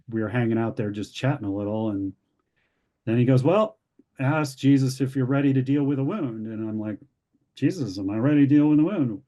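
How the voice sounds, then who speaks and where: A man's voice: lowish voice, dark tone. A man, the founder of a family ministry, giving a candid personal testimony and acting out the voices of people in his story. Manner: candid storytelling, acts out quoted voices, occasional laughs.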